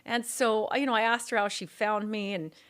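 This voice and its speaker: A woman's voice: mid-range voice, steady tone, a little fast, a bit bright, smooth. A woman court reporter, a guest in a casual interview, telling her story animatedly and acting out the dialogue she quotes.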